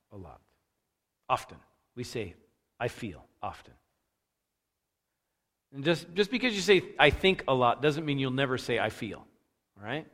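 A man preaching a conversational sermon, casual and animated, acting out the thoughts he quotes. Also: medium pitch. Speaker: pastor. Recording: long reverb of a large hall.

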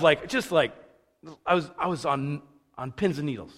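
A man preaching a conversational sermon, casual and animated, acting out the thoughts he quotes. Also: on the high side, normal speed. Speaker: pastor. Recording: long reverb of a large hall.

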